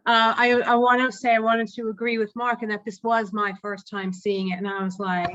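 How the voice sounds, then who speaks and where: Bright, blunt woman in casual chat. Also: fairly high pitch, little pitch movement, brisk, highs cut off. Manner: blunt, swears freely. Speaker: movie club panelist.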